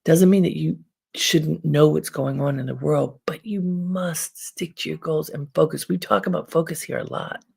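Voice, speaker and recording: Very gravelly, husky woman host. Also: low voice. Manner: calm, unhurried advice with frequent pauses. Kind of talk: inspirational self-help talk.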